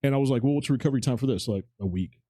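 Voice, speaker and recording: Fast-talking man in his forties. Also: mid-range voice, warm tone, no echo. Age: 40s. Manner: rambling anecdotal storytelling, acts out quotes, swears casually. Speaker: podcast co-host. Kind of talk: casual chat.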